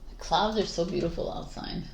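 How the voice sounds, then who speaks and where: A woman's voice: fairly low pitch, fairly quick, creaky, slight background noise. A woman doing tarot intros who keeps laughing, stumbling over her words and swearing casually. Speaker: tarot reader. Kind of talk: casual blooper chat.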